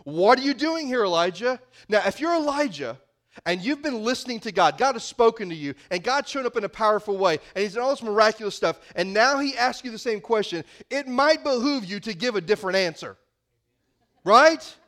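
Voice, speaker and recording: A man's voice: high-pitched, expressive, fairly quick, a bit bright. A male pastor preaching a sermon in a folksy, conversational manner.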